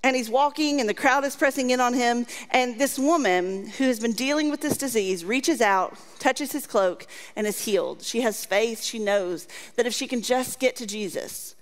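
A woman with a high voice preaches a sermon in an earnest, repeating cadence, slipping into casual asides between scripture passages. Her voice rings out with a long hall reverb around it. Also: moderate pace, few pauses. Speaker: pastor.

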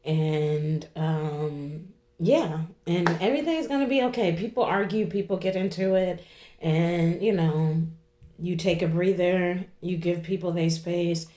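A woman's voice: on the low side, a little slow, dark tone, roomy sound. A woman in her forties, tearful after crying, talking in a rambling way to her viewers and often asking "okay?" and "you know?". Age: 40s. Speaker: vlogger. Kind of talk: emotional vlog talk to viewers.

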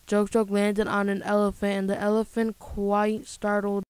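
A woman reading a children's story aloud in a plain, gentle storytelling way. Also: medium pitch, monotone, moderate pace, hardly any pauses, clean tone, dry recording, rough recording. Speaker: storybook reader.

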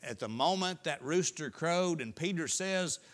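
A middle-aged male pastor preaching a sermon in a folksy storytelling way, rising to loud peaks and dropping to hushed lines. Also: a little high, animated, measured pace. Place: church sanctuary.

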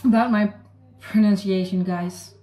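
A woman's voice: mid-range voice, steady tone, measured pace, mellow, faint music behind. A woman from the Netherlands with a Dutch accent, chatting to viewers in a casual cooking vlog and reading out recipe steps, often apologizing. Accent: Dutch, with American-leaning English. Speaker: cooking vlogger.

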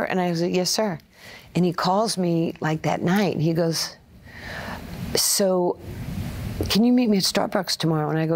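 Lively storyteller woman. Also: lowish voice, moderate pace, long pauses, a little hiss or hum. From Brooklyn, USA. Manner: animated, acts out quoted voices. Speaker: interview guest, former player and coach. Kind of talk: storytelling interview.

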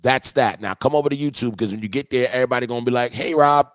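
A man hosting a live music review stream, joking with his chat in loose, profane banter, breaking into loud mock voices. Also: mid-range voice, racing, dry recording, clean studio sound.

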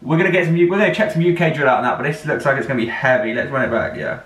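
A man's voice: medium pitch, animated, rapid-fire, a bit bright. Young man, reaction vlog host, slangy, rambling, upbeat, echoey room. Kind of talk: casual reaction vlog chat. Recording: roomy, distant mic.

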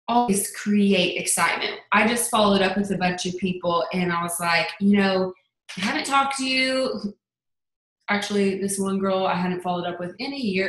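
On a sales team call, a young adult woman gives a chatty motivational talk, telling stories with lively quoted asides. Her pitch is medium, and the rough recording is reverberant.

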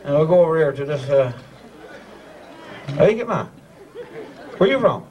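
Teasing Newfoundland man, high voice. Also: expressive, normal speed. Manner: teasing, laughing often. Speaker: screech-in ceremony leader. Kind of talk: joking crowd banter. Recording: far mic over a loud crowd.

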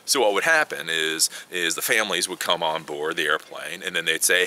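Animated bright-voiced man telling a story. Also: fairly quick, hardly any pauses, slight background noise. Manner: animated storyteller, swings up and down in pitch, swears casually. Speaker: tech video host. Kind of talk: casual chat.

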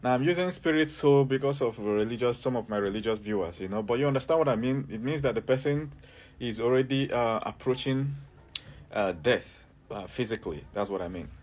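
Speaking a little fast in a mid-range voice with a darkish tone, a herbalist gives health advice straight to camera. He's emphatic and repetitive, and he keeps urging viewers to look and listen. The sound is lo-fi.

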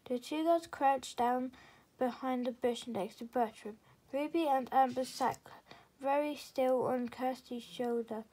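A woman reading a children's chapter book aloud as storyteller, steady with small slips. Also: sits high, measured pace, poor audio.

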